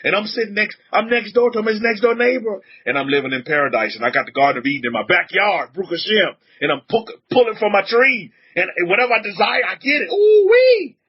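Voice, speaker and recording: A man teaching as a rabbi in a casual, animated sermon, repeating himself and dropping in blessings. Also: high voice, fast, few pauses, slightly rough, highs cut off. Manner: animated, repetitive, punctuated with blessings. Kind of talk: informal outdoor sermon.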